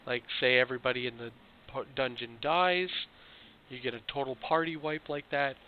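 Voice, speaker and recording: A slightly hoarse man giving casual gameplay walkthrough commentary, explaining things loosely and speaking straight to his viewers. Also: medium pitch, fairly even intonation, moderate pace. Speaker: video game walkthrough host. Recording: tinny phone-like mic with faint hiss.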